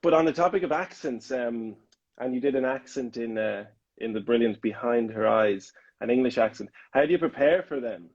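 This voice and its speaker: A man's voice: medium pitch, normal speed, a little mellow, highs cut off. A man hosting a casual interview chat, rambling and playful with many restarts. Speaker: podcast host. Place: Amsterdam.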